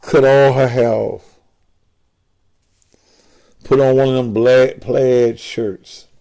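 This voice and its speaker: A man hosting a call-in talk show, posing provocative, drawn-out rhetorical questions to his listeners. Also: mid-range voice, steady tone, creaky, mellow.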